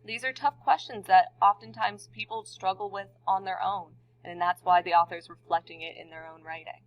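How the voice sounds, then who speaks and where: A woman's voice: mid-range voice, steady tone, brisk. A woman teacher giving a recorded lesson to her students in a conversational way, asking the class questions. The recording sounds dull and lo-fi.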